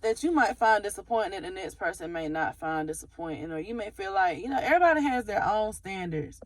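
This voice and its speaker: A woman's voice: medium pitch, expressive, fast, few pauses, dry recording. Woman hairstylist, casual vlogger, candid and chatty, occasional swearing, dry close mic. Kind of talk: casual talk to camera.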